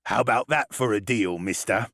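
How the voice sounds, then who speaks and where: A man voicing a drunk male mountain dwarf mugger with a rough, slurred, menacing drawl. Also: on the low side, normal speed, fairly bright tone, dry recording, studio quality.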